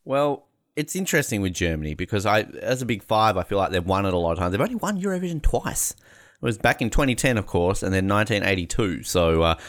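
A man's voice: fairly low pitch, sing-song, quick pace, a bit bright. Chatty rambling male podcast host. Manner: rambling and jokey, many fillers. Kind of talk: casual panel chat.

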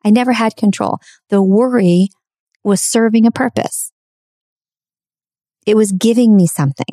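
A woman's voice: mid-range voice, moderate pace, mellow, no room sound, studio quality. A middle-aged woman hosting a podcast, giving an earnest, reflective spiritual self-help talk and repeating phrases for emphasis. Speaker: podcast host.

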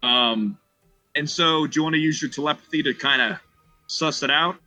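A man narrating a tabletop game as game master, loose and halting with fillers. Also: fairly high pitch, bright, forceful tone, no echo, soft background music, low-quality recording.

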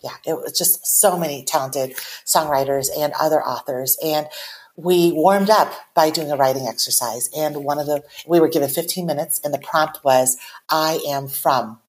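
A woman in her forties, originally from Taiwan, talks in a reflective, earnest way as an interview guest. Her voice sits a little low for a woman, and she slows down when reading her own lines aloud. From Taiwan, raised in the US. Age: 40s. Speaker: author guest.

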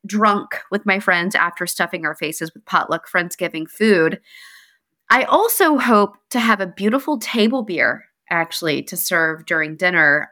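A woman's voice: medium pitch, sharp tone. A woman from North Carolina co-hosting a beer podcast, tired, chatting casually with some stumbles. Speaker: podcast co-host. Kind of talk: casual chat.

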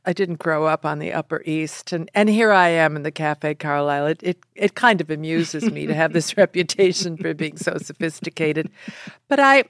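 A woman's voice: low voice, moderate pace, no room sound, clean studio sound. A woman in her seventies from the Buffalo area, talking with refined, trained theatrical diction and laughing easily as an interview guest. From Buffalo area, New York. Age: 70s. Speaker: actress guest. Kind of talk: interview conversation.

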